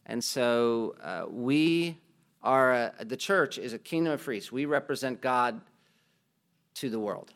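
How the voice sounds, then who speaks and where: A man preaching a sermon at an ordinary middle pitch. He keeps it conversational, putting questions to the congregation and breaking off for light joking asides. He sounds like a pastor talking with the people in front of him rather than reading to them. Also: animated, slow pace, fairly bright tone.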